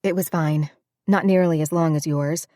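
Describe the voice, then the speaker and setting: A woman doing a relaxed young dog owner. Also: sits low, normal speed, no room sound, studio quality, lightly acted. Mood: friendly. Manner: plain, relaxed and friendly.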